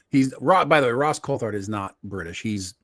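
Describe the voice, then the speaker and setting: A man's voice: medium pitch, expressive, measured pace, fairly bright tone, no echo. A man co-hosting a live-streamed podcast, teasing his partner and walking the audience through a story. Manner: teasing, explains stories to the audience. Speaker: podcast co-host. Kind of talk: casual live-stream chat.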